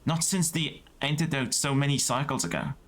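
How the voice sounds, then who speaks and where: A man voicing an elderly female gardener-scientist with a put-on Welsh accent, speaking softly and earnestly as he reads game dialogue aloud. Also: mid-range voice, normal speed, close to an everyday voice.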